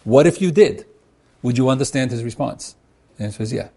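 A man's voice: mid-range voice, animated, brisk, warm tone, slightly rough. A man speaking as a marriage counselor, teaching with examples and acting out both spouses' words, often repeating and restarting. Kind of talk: teaching talk with acted-out examples.

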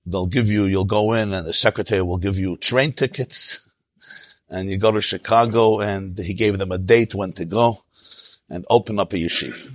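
Low-voiced rabbi telling a story. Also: male voice, normal speed, no echo. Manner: animated, tells stories with quoted voices and asides; sprinkles in Yiddish and Hebrew terms. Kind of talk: storytelling sermon.

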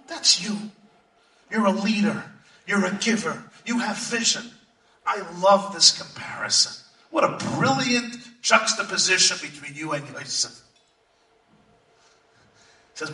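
A man preaching as a rabbi, telling stories with sudden shouts and hushed asides. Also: high-pitched. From United States. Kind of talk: sermon. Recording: echoey room, far from mic.

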